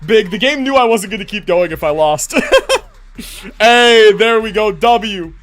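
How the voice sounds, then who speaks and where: A young man streaming a game, talking casually and excitedly, often laughing and swearing. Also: sits high, normal speed. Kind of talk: casual livestream commentary.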